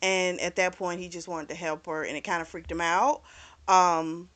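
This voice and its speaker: A woman hosting a book club channel, casually retelling a novel's plot with fillers and quick little acted-out lines. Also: lowish voice, fairly even intonation, a bit bright. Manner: chatty and informal, retells scenes by briefly acting out the characters' lines; mild swearing, frequent fillers.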